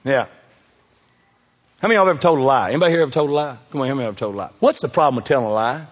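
A man's voice: medium pitch, racing, in a large hall. A Southern man preaching a sermon as pastor, firing call-and-response questions at his congregation.

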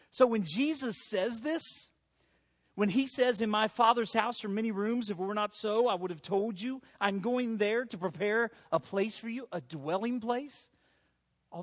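A male pastor preaching a sermon in a conversational way, with self-deprecating humor, in a church hall. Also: high-pitched.

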